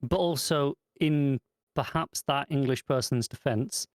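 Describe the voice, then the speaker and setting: A man's voice: mid-range voice, unhurried, no room sound, studio quality. A man co-hosting a casual TV review chat, chiming in with wry, teasing remarks. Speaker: TV review co-host.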